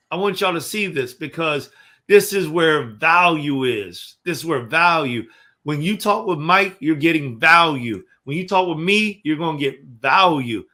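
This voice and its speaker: A man co-hosting a casual talk show, telling an animated story and reading messages aloud. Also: a little high. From Florida. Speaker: co-host.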